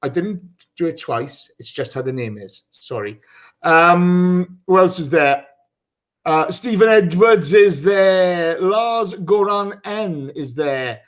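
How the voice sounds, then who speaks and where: Man, podcast host, teasing banter, swears, slightly high voice. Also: lively intonation, slow. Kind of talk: casual live podcast chat.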